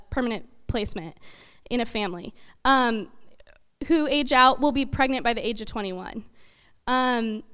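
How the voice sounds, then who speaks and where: A woman giving a talk to her church congregation, halting and full of fillers. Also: high voice, fairly bright tone, clean tone. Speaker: church speaker. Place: church hall. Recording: echoey hall reverb.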